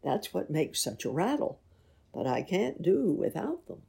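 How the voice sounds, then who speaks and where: Lady doing a bold eager magic cat, slow and husky, creaky. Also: on the low side, very animated, dark tone, exaggerated voice. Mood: sly. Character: bold cheerful magic male fairy cat.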